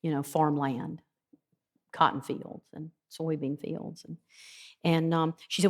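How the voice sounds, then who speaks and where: A woman with a somewhat low voice earnestly retells a testimony at a women's Bible study. Her storytelling is unhurried and loose, dotted with ums and small restarts. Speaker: guest speaker.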